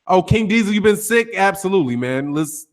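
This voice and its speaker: A man's voice: high voice, lively intonation, fairly quick. A man hosting a casual boxing live stream, reading out viewer names and comments in loose, slangy talk. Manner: loose, slangy, greets chatters one by one.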